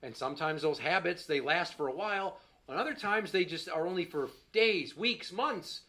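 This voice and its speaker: A man in his thirties works a live crowd from a small comedy stage, handheld mic in hand, venting profanely and with exasperation about his kids. His fairly high voice sounds pushed and bright at a moderate pace, and he slips into impressions of his young son.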